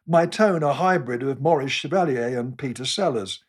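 A man's voice: on the high side, lively intonation, normal speed, hardly any pauses, slightly rough. A man with an English accent giving a sermon, telling humorous self-deprecating stories in a wry, scripted way. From England. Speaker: preacher.

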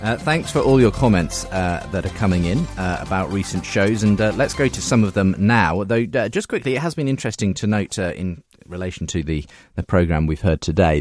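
A man's voice: low voice, dry recording, clean studio sound. A man hosting a radio show, reading listener emails aloud with frequent "uh" fillers. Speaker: radio host. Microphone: studio microphone.

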